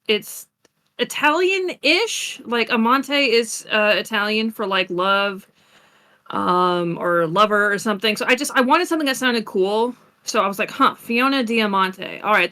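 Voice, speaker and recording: A woman guest in a casual chat, telling animated stories and laughing easily. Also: medium pitch. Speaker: guest roleplayer.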